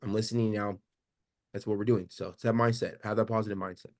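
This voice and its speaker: A man talks quickly and punchily on a video call from his home. He fires off rhetorical questions, swears casually and drives his points home with emphasis. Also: fairly low pitch, steady tone, no echo, clean studio sound. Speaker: coaching call participant. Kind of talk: animated motivational chat. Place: home living room.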